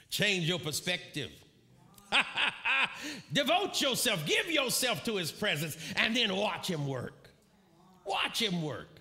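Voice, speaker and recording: A man preaching a sermon, telling a story with animated, shouted quotes and bursts of laughter. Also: high-pitched, unhurried. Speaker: pastor.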